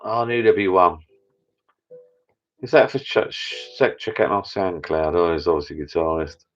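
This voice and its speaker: A man's voice: low voice, fairly even intonation, moderate pace, faint music behind. A man rambling in a casual live chat with viewers from his home bar room. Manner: rambling, chatty, many restarts. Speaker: channel host. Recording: dull lo-fi sound.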